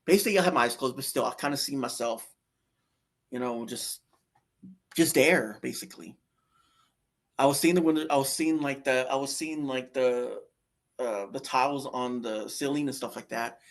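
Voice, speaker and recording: A man's voice: mid-range voice, moderate pace, pauses often. A man telling his near-death story in a casual, rambling way, with many fillers and restarts. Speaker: guest sharing a near-death experience.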